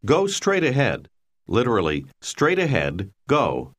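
A man narrating a language lesson in a slow, clear, measured teaching delivery. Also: medium pitch, wildly swooping pitch, fairly bright tone. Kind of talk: scripted instructional narration.

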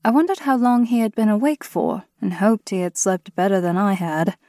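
A woman narrating a first-person fantasy audiobook in a measured, steady way. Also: fairly high pitch, no echo, clean studio sound.

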